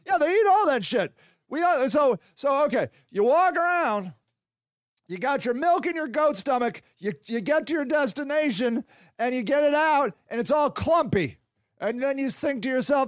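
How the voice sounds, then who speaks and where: Man, podcast host, profane comic rant, very high voice, lively swooping delivery. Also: smooth, no echo, clean studio sound. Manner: profane, rambling, acts out mock dialogues. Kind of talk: solo comedic rant.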